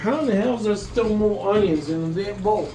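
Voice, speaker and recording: Man, high voice, casual cooking vlog host, rambling, swears, talks to viewers, faint background hiss. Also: fairly quick, warm tone, poor audio. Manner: rambling, swears casually, keeps asking "you know what I mean".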